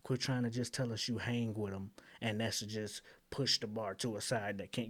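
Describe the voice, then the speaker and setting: A man with a somewhat low voice hosts his own lyric breakdown show. He talks in loose, animated casual commentary. He argues bluntly, drops slang and fills his pauses with "um". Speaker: channel host breaking down rap lyrics.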